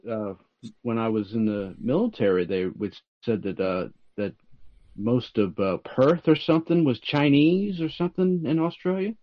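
A man in his fifties speaking haltingly in a casual group discussion, with many filler pauses. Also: mid-range voice. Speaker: forum participant. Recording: dull lo-fi audio.

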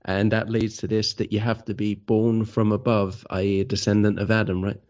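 A man's voice: on the low side, flat delivery, normal speed, darkish tone, highs cut off. A man in a casual chat, speaking hesitantly and echoing the other speaker. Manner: hesitant, adds to the host's point.

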